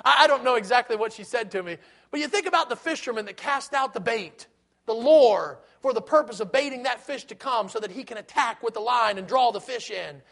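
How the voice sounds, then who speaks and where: Pastor guy preaching, real high voice, earnest and repetitive. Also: expressive, brisk, vocal fry, fairly bright tone. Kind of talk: sermon.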